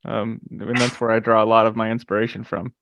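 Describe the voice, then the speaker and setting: A man's voice: fairly low pitch, flat delivery, fast talker, noisy background. A man hosting a casual sports podcast. He moderates the picks and teases his co-hosts in a dry way. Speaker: podcast host.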